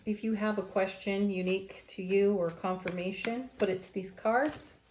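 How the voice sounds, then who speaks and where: A woman reads tarot cards in a gentle, soft-spoken, casual way, with light laughs here and there. She talks from home, and faint outdoor noise sits behind her voice. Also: medium pitch, steady tone, normal speed, rough recording. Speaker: tarot reader. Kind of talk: casual spiritual tarot reading. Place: home, with landscaping crew outside.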